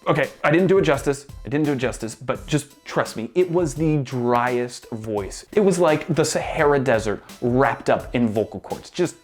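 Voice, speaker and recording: Guy ranting through a funny story, sarcastic, medium-pitched voice, some soft music behind. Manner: animated, sarcastic, exasperated rants. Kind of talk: comedic storytelling monologue.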